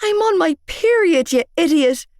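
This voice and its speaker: A woman voicing a frantic young woman who wails and shrieks in a high voice. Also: lively intonation, normal speed, a little mellow, no room sound, studio quality. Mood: panicked. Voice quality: shrill, wailing. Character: frantic young Irish woman, dramatic and shrill.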